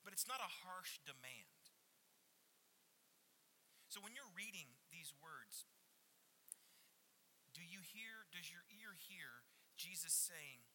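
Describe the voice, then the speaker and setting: Bright-voiced man preaching a sermon. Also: high voice, slow pace, long pauses, slight background noise, rough recording. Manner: expressive preaching, swinging from loud emphasis to hushed near-whispers. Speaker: pastor.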